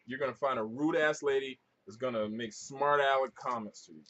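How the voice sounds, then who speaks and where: A man, a record-collecting vlogger, telling stories to camera at home in an animated, profane way with frequent restarts. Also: mid-range voice, a little fast, muffled recording. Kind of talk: casual storytelling to camera.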